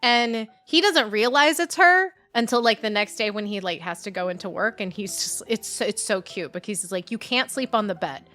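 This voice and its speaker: A woman's voice: mid-range voice, moderate pace, few pauses, sharp tone, soft background music. A woman co-hosting a casual podcast who gushes about a film and acts out its scenes in quoted voices. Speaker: podcast co-host. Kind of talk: casual chat.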